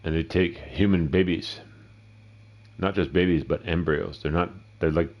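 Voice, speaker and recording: Profane deep-voiced man rambling over gameplay. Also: fairly even intonation, moderate pace, lo-fi sound. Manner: profane, rambling, talks to himself. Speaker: gameplay streamer.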